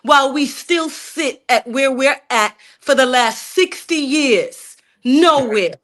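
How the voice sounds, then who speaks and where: Taking her time, a middle-aged woman from Jamaica argues indignantly during a heated call-in debate, repeatedly calling the host "sir." Her high voice is expressive and a bit bright.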